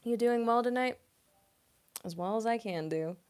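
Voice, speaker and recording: A woman's voice: on the high side, moderate pace, darkish tone, clean tone. A young adult woman, a voice actress, chatting casually on a live-stream Q&A, giggly and full of "like" fillers.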